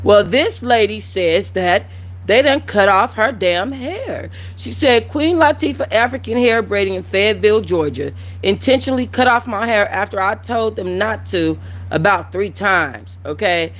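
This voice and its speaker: A woman's voice: medium pitch, expressive, moderate pace. A woman hosting a casual commentary show, blunt and sassy as she talks to her viewers. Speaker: commentary channel host.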